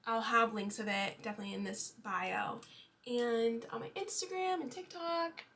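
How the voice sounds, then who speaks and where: A woman's voice: fairly high pitch, normal speed, fairly bright tone, slight background noise. A woman in her twenties chatting casually about her life while doing her makeup, full of fillers. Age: 20s. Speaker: beauty vlogger.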